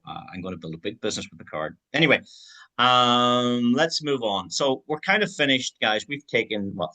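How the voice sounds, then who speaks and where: A man's voice: lowish voice, a bit bright. A man giving an online sales presentation, upbeat and persuasive, talking straight to his viewers and chuckling as he tells stories.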